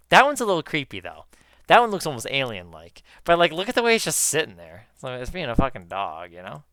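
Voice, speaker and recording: A man in casual chat with viewers while gaming, excitable, swearing often and calling his viewers guys. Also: mid-range voice, quick pace, no room sound, studio quality. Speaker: gaming YouTuber.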